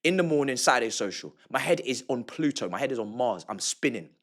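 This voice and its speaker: A young man hosting an excited post-match football reaction vlog, talking emphatically with slangy banter and repeated phrases. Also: medium pitch, fast talker. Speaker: football fan reaction host.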